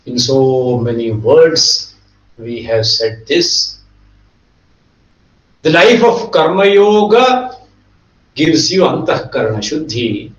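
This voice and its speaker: A man teaching a Vedanta class, explaining concepts and rapidly chanting Sanskrit verses. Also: mid-range voice, lively intonation, roomy sound, distant mic, highs cut off.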